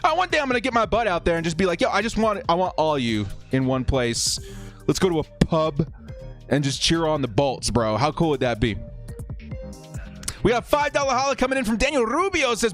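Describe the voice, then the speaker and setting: Male streamer, lively sing-song delivery, slightly high voice, faint music underneath. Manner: excitable, laughs often, chatty with viewers. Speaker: livestream host. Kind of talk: casual live watch-party chat.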